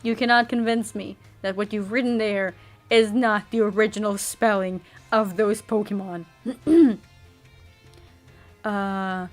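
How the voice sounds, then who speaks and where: A woman's voice: mid-range voice, steady tone, slow pace, long pauses, faint music behind. A woman streamer joking playfully through a let's play with goofy wordplay.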